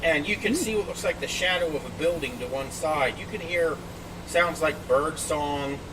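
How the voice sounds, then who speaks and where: At a moderate pace and with a somewhat high voice, a man narrates scenes as a tabletop game master. The session is recorded outdoors on a distant mic with background noise, and his narration is lively and descriptive.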